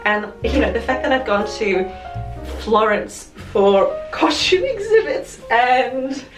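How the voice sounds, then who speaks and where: A woman's voice: a little high, expressive, slow pace. A woman with an Australian accent chatting to camera as a vlogger, rambling and correcting herself as she goes. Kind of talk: casual chat to camera. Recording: roomy echo, mic at a distance, music behind. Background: music.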